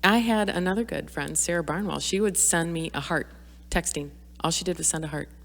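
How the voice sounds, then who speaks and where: A middle-aged woman speaking earnestly and reflectively as a podcast guest, pausing and restarting her thoughts. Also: lowish voice, gravelly, in a large hall. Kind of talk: candid personal conversation.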